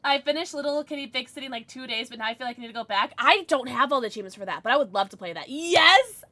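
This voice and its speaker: A young woman streaming live, chatting casually with her viewers and squealing with excitement as she reads chat. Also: sits high, rapid-fire, dry recording. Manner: chatty, bubbly, squeals when reading chat.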